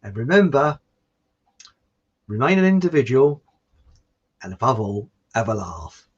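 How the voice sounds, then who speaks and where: Gravelly, rambling host. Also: male voice, mid-range voice, very animated, measured pace, highs cut off. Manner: rambling, chatty, self-mocking. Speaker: livestream host. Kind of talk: casual chat and joke telling. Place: warm indoor room.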